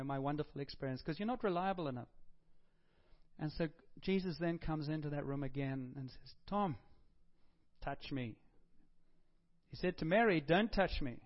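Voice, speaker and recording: A man delivers a sermon as a pastor, talking to his congregation in a loose, conversational way and pushing his voice up for emphasis. His voice sits a little high for a man. The recording is muffled and lo-fi. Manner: conversational preaching with emphatic rises.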